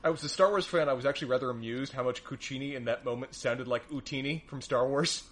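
A man's voice: medium pitch, fast talker, fairly bright tone. A man co-hosting a podcast, chatting wryly and precisely about a TV episode. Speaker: podcast co-host. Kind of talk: casual recap chat.

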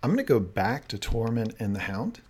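A man's voice: fairly low pitch, big pitch swings, fairly quick, a little mellow, breathy edge. A man co-hosting a casual podcast and announcing his picks like a host.

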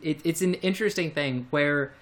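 A man's voice: a little high, normal speed, fairly bright tone. A man co-hosting a podcast in casual chat, rambling and hesitant, with frequent fillers and restarts. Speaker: podcast co-host.

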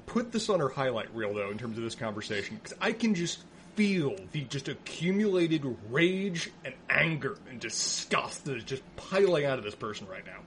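A man co-hosting a podcast, giving wry, measured opinions while recapping a TV episode. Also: mid-range voice, sing-song, a bit bright, a little hiss or hum. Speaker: podcast co-host. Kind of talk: casual chat recapping a TV episode.

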